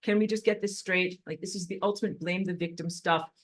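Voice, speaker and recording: A woman's voice: fairly low pitch, fairly even intonation, brisk. Emphatic, agitated woman lecturing on spirituality. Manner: walking on a treadmill while talking. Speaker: spiritual teacher.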